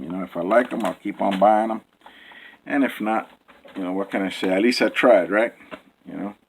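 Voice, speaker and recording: A man's voice: medium pitch, slight background noise, rough recording. A man rambling through a casual home cooking vlog, full of fillers and restarts, joking with himself as he talks. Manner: jokey, self-amused. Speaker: cooking video host.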